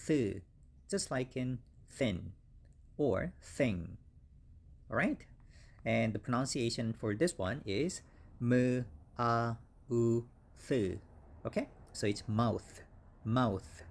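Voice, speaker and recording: A man teaching English vocabulary, speaking slowly and repeating each word several times for learners. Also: medium pitch. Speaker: English instructor. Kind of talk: slow vocabulary lesson.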